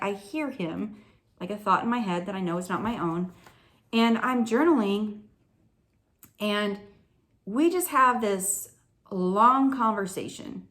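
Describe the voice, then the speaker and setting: A woman's voice: a little high, a bit bright. Chatty, earnest woman sharing her faith. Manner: chatty and earnest, lots of fillers and asides. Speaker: host of a faith vlog. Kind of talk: casual faith testimony vlog.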